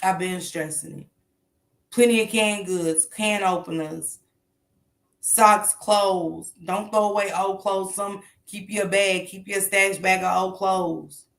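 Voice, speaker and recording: A woman's voice: mid-range voice, steady tone, takes it slowly, vocal fry, a bit bright, echoey room. A woman hosting a casual morning commentary show, talking bluntly and emphatically with plenty of swearing.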